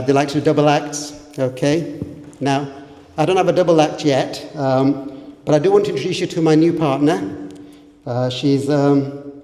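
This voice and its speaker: A man doing relaxed, conversational, self-deprecating stand-up comedy. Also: fairly high pitch. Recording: echoey hall from a distance.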